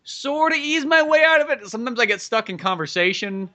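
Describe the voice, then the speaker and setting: A man's voice: extremely high pitch, expressive, brisk, sharp tone, muffled recording. A man on a podcast telling a rambling, casual story with lots of fillers and swearing. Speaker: podcast co-host.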